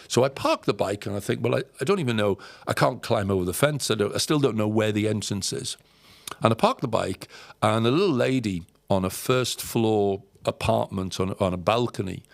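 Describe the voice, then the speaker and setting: A man with a low, gravelly voice tells a travel story in an earnest, reflective way. He halts often and repeats words as he searches for the next phrase. The sound is close and dry. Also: dry recording. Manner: halting, with many fillers and repeated words. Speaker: podcast guest recounting travels. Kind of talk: conversational storytelling.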